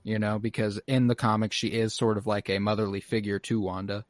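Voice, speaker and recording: A man's voice: fairly low pitch, little pitch movement, brisk. A man co-hosting a casual podcast, animatedly recapping a show and acting out the quotes with swearing. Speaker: podcast co-host. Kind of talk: casual pop-culture chat.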